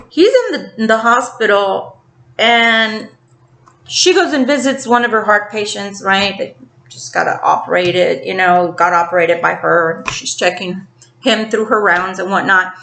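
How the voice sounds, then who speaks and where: A woman in a tarot reading video retells a story in a lively, casual way and slips into the quoted voices as she goes. Her voice sits a little high. The sound has a roomy echo. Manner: animated retelling, acting out quotes. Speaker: tarot reader.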